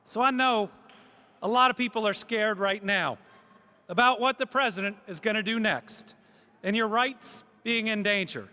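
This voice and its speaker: A man's voice: high voice, moderate pace, pushed and bright. A middle-aged man with a Kentucky accent giving an earnest, emphatic rally speech as governor. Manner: earnest, emphatic, preacherly cadence. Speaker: state governor. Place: large rotunda with a crowd. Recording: echoey rotunda with crowd.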